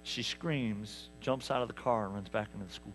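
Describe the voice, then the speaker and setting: A man preaching a sermon, telling stories with lively asides to the congregation. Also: fairly low pitch, normal speed, soft background music. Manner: animated storytelling with asides to the congregation. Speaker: pastor. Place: church sanctuary.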